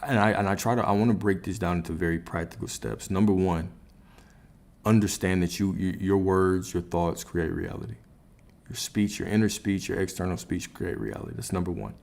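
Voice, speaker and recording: A man with a very low, deep voice talks like a coach on a livestream. He speaks emphatically, repeats his points and often tags a "right?" onto them. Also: steady tone, fairly quick, vocal fry, darkish tone. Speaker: spiritual coach. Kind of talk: motivational livestream talk.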